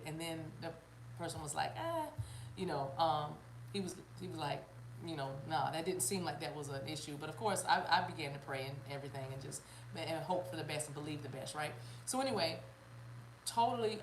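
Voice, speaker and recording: A woman with a low voice talks her viewers through a spiritual reading, full of fillers, restarts and asides to the chat. The room has a noticeable echo and a faint hum behind her. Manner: rambling, with many fillers and restarts; addresses viewers and chat directly, laughs often. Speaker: spiritual reader. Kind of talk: live-stream tarot reading.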